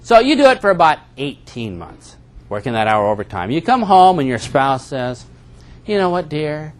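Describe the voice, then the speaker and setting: A man's voice: mid-range voice, sing-song, normal speed. A man giving a seminar talk to a live audience as a network marketing trainer, telling a story and acting out everyday dialogue.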